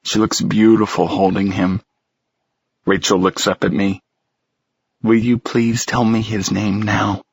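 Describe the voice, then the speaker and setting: A man narrating a romance audiobook in the first person, quiet and tender. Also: on the low side, flat delivery, a little slow, vocal fry, long pauses, slightly rough, dry recording.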